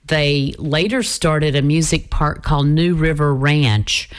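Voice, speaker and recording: Slow, low-voiced woman host. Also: fairly even intonation, smooth. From North Carolina. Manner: unhurried, folksy, with some fillers and restarts. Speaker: radio show host. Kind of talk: gospel bluegrass radio hosting.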